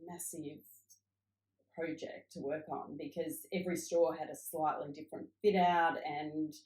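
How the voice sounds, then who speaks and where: A woman's voice: deep voice, fairly even intonation, a little slow, darkish tone. A middle-aged woman, a cosmetics founder, telling upbeat stories from her career in a casual interview. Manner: reflective storytelling, upbeat. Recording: echoey room.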